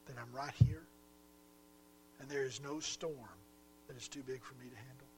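A man voicing a gentle, reassuring Jesus in a soft, hushed, sometimes whispered way, with a faint mains hum behind. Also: mid-range voice, moderate pace, close to an everyday voice, poor audio. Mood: tender.

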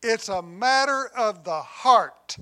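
A man delivering a sermon in a high voice at an unhurried, deliberate pace. He swings from loud emphasis down to hushed, quiet lines and slips in humorous asides along the way. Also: expressive. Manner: deliberate preaching with dramatic swings in volume, dropping to near quiet on key lines. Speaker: pastor.

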